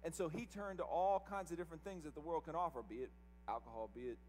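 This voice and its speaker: A man's voice: on the high side, quick pace, a little mellow, big-room sound, slight background noise. A male pastor preaching a sermon with emphasis, firing rhetorical questions at the congregation. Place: church service.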